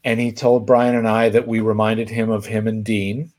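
A man co-hosting a casual chat, telling stories with lively pitch jumps and laughter. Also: moderate pace. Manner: animated storyteller, pitch leaping when excited. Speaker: host.

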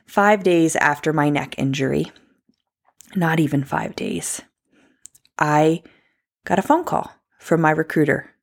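A woman's voice: low-pitched, measured pace, gravelly, pauses often. A woman in her thirties, a traveling ultrasound tech, talking straight to her viewers in a personal vlog, impassioned and emphatic.

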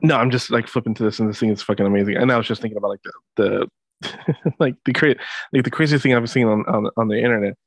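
A man's voice: lowish voice, fast talker, no echo. A man co-hosting a podcast, laid-back and swearing with enthusiasm. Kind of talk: casual chat.

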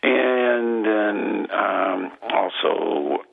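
A man's voice: lowish voice, very slow, vocal fry. A man from New England hosting a radio show with casual banter. He talks with enthusiasm, jokes a lot and rambles with fillers. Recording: phone-like narrow band.

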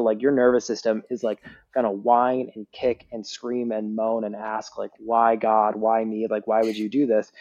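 A man with a dark, mellow voice explains how the brain works in a relaxed podcast conversation. He talks like an animated teacher, peppering his points with "like" and "right?". The audio is a bit muffled and lo-fi. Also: mid-range voice. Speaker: guest neuroscientist. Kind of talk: casual explanatory podcast talk.

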